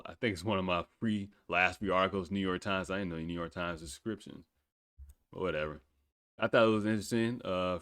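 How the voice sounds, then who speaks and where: A man's voice: low-pitched, a bit bright, clear, resonant tone, no echo. Blunt, profane man on a dry mic. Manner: blunt and profane, laughing often. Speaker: podcast host. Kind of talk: casual talk.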